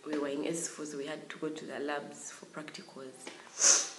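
A young adult woman, telling a story from her school days in an animated, dramatic way with many exclamations. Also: low-pitched, normal speed, background noise. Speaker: vlogger. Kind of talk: storytime vlog. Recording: echoey room.

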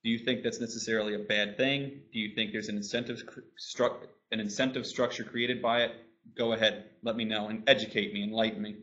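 A man hosts a loose panel chat, his questions winding and full of restarts. His voice is bright and forceful. The audio is dull and lo-fi. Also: lowish voice, level tone, fairly quick. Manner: rambling, self-interrupting questions. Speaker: host. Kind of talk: casual panel discussion.

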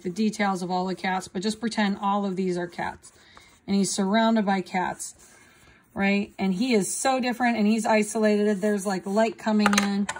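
A woman art teacher talking casually through a drawing demonstration, often checking in with "right?". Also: mid-range voice. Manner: casual, tags sentences with "right?".

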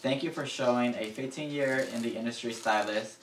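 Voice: medium pitch, fairly even intonation, a little fast, recorded from a distance, slight background noise. An off-camera helper reading viewer chat comments aloud in a plain, matter-of-fact way. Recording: roomy, off-mic from across the room.

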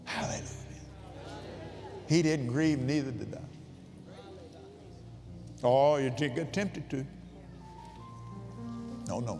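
Slow, heartfelt preacher man in a hall. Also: medium pitch, darkish tone. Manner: slow, heartfelt, halting with repeated words. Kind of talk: sermon with personal storytelling. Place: large convention hall. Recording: long hall reverb, faint music.

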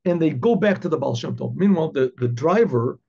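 A rabbi tells a folk story with lively animation and frequent restarts. His voice is high and husky, and the recording sounds dull and lo-fi. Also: fairly quick. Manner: animated, repeats words while telling a story.

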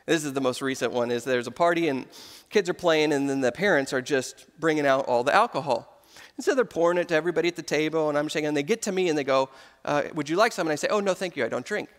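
A man's voice: a little high, fast talker. A man in his thirties preaching a sermon as pastor, telling everyday stories with humor. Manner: storytelling with humor. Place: large church sanctuary. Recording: long hall reverb.

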